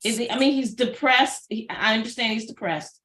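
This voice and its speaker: A middle-aged woman co-hosting a casual chat review, chatty and exclaiming with quick asides. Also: on the high side, sharp tone, echoey room. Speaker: co-host.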